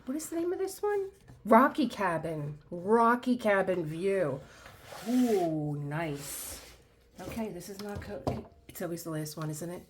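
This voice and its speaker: A middle-aged woman hosting her own craft channel, chatting excitedly through an unboxing, trailing off mid-sentence and dropping to a whisper in awe. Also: lowish voice, measured pace, noisy background. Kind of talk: casual unboxing chat.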